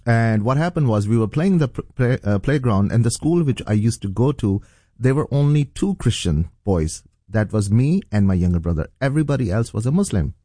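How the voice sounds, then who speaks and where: A man's voice: medium pitch, lively intonation, fairly quick, dark tone, no room sound, studio quality. A middle-aged man from Pakistan, a pastor telling his personal testimony earnestly, with frequent fillers and restarts. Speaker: pastor and guest.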